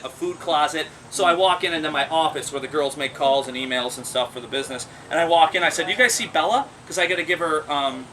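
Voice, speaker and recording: A man who works with exotic animals tells casual, animated anecdotes, laughing as he goes and acting out the voices of the people in them. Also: a little high. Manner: animated, laughs while telling, acts out the quoted voices. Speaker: exotic animal handler and business owner. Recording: distant mic with air-conditioning hum.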